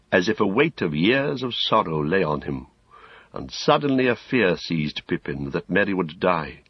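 Deep, husky male storyteller. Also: dry recording, highs cut off. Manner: steady, storytelling. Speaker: audiobook narrator. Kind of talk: scripted narration.

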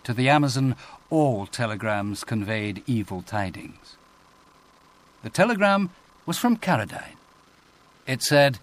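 A man narrating an audiobook in a measured, expressive reading voice. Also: medium pitch. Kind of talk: scripted narration.

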